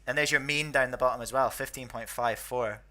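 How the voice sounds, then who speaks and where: A man's voice: medium pitch, fairly even intonation, fairly quick, sharp tone. A young Scottish man from the northeast, chatty and self-deprecating, hosting and commentating on a casual online match. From northeast Scotland. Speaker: host.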